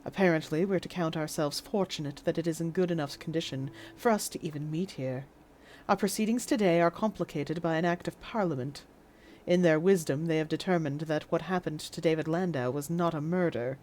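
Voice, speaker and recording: A woman's voice: sits low, brisk, a little mellow, slight background noise, voice pushed down, close to an everyday voice. Woman doing a stern, clipped courtroom judge. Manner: haughty, clipped put-on upper-class English.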